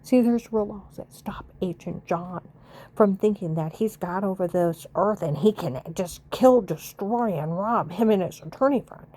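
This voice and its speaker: Dark-voiced woman ranting angrily. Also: medium pitch, unhurried. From United States. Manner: ranting, rambling accusations, swears and repeats herself. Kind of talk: angry monologue to camera.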